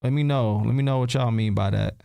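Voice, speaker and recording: Livestream host, male, mid pitch, smooth clear voice, dry close sound; slangy, repeats questions to chat. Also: brisk, warm tone, no room sound. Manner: repeats himself and fires rhetorical questions at viewers; loose slangy street talk. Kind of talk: casual livestream commentary.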